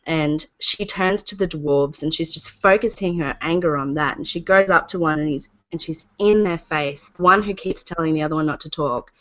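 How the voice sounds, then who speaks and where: Woman, tabletop player, quiet unhurried narration, lowish voice, dull lo-fi audio. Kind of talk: playing a tabletop game.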